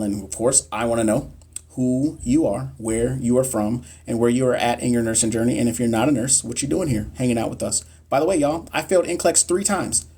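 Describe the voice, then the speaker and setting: A man's voice: medium pitch, darkish tone, slightly rough. Young guy doing a phone livestream, reads out test questions, talks straight to chat, swears a bit, medium voice. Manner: casual, blunt, encouraging, uses slang and swearing; reads quiz questions aloud, then chats with viewers. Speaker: nursing exam tutor. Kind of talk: live-streamed Q&A teaching.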